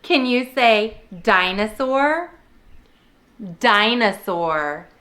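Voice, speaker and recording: A young woman leads a preschool lesson, coaxing small children along in a cheerful sing-song way. Her voice sits high and clear with a bright edge. She takes her time over each word, and everything comes out very slowly. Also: lively intonation. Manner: slow, cheerful sing-song prompting for little kids. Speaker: preschool teacher.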